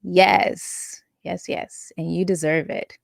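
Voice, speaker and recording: Woman on a live stream, low gravelly voice, talks slow, dry close mic. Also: fairly even intonation, dry recording. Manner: warm, emotional, laughing often, reads viewer comments aloud. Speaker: live-stream host and coach. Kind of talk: casual live chat, reading out comments.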